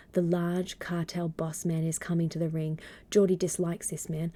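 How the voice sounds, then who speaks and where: A woman streaming live from home at a desk microphone, reading aloud and chatting in a gentle, wry voice that often drops to a half-whisper. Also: fairly low pitch. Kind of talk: soft-spoken stream reading and chat.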